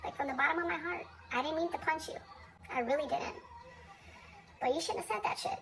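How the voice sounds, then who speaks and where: Blunt, high-voiced young woman vlogging. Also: brisk, creaky, fairly bright tone, rough recording. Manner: blunt, profane, self-mocking. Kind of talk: candid personal vlog.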